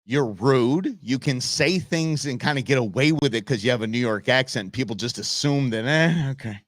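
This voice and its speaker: A man's voice: mid-range voice, expressive, moderate pace, dry recording, studio quality. A middle-aged man from the Los Angeles area hosting a live show, ranting casually and answering his chat. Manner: opinionated, ranting, talks back to chat.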